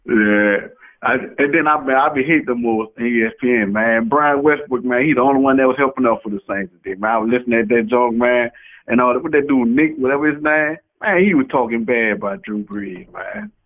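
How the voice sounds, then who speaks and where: A man's voice: mid-range voice, brisk. Man rambling over a tinny phone line. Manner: casual, agreeable, rambling. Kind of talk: casual sports chat.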